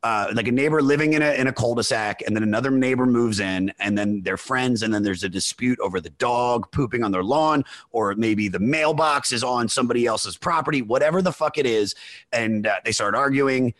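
Podcast host, male, mid pitch, eager and rambling, bone-dry booth sound. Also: a little fast, no room sound. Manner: excitable, rambling storyteller. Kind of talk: casual chat.

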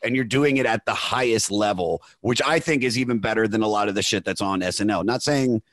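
A man with a Baltimore accent, hosting a casual podcast chat and talking with excitement about music. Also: on the low side, fairly quick, dry recording. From Baltimore area. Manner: enthusiastic, swears freely. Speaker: podcast host.

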